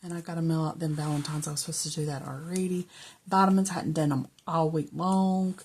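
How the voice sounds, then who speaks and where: A middle-aged woman, chatting casually and rambling softly as she journals, often dropping to a whisper. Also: deep voice, steady tone, a little fast, breathy edge. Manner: rambling, soft-spoken, drifts into whispers. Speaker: journaling vlogger.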